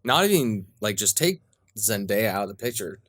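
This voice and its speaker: Male podcast co-host, enthusiastic casual film talk, lowish voice, dry sound. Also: very animated, normal speed, a bit bright, no echo. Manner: enthusiastic, laughs often. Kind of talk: casual film review chat.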